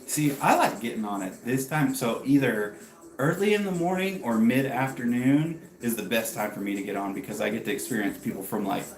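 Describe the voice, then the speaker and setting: A man's voice: mid-range voice, a little fast, reverberant, low-quality recording. A man in his thirties from the United States, chatting casually with viewers on a livestream and greeting them by name. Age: 30s. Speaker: livestream host. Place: home garage.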